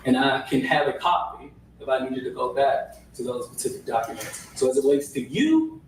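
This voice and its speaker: A man's voice: mid-range voice, brisk. A man testifying as a records custodian in court, hedging his answers and checking in with "right?". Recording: echoey room audio from far off, faint hiss.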